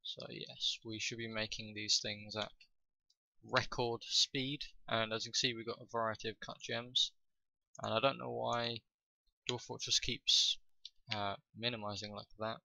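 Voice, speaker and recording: A man talks through a strategy game as he plays, thinking aloud and pausing often on fillers. His voice sits a little low and has a bright, sharp edge, and he speaks slowly. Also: level tone, gravelly, dry recording, low-quality recording. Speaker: gaming video host. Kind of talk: casual gameplay commentary.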